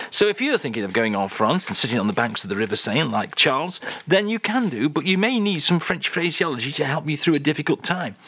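A male radio host doing comic, teasing banter in a brisk, mock-formal way. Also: on the high side, bright, forceful tone, breathy edge.

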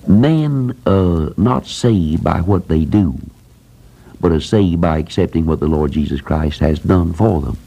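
A man's voice: deep voice, lively intonation, unhurried, vocal fry, mellow, breathy edge, rough recording. An older man preaching a sermon in a plain folksy way, repeating phrases for emphasis. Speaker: preacher who runs a Christian school.

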